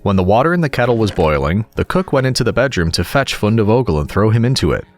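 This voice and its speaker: Relaxing storybook narrator, man, low and expressive. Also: quick pace, soft background music. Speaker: audiobook narrator. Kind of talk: storybook reading.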